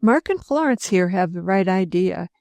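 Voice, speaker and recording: A woman's voice: lowish voice, lively intonation, normal speed, gravelly, darkish tone, dry recording. A woman voicing an older male settler who drawls with wry wisdom.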